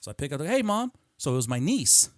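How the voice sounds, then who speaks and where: A man's voice: mid-range voice, racing, no echo, studio quality. A middle-aged man hosting a podcast, telling stories animatedly and swearing freely. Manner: animated, profane, acts out quotes. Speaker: podcast host. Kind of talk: casual storytelling chat.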